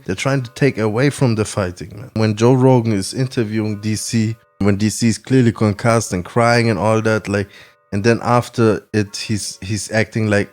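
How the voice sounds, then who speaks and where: A man hosting a podcast in casual chat, rambling and slangy with frequent swearing. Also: mid-range voice. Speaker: podcast host.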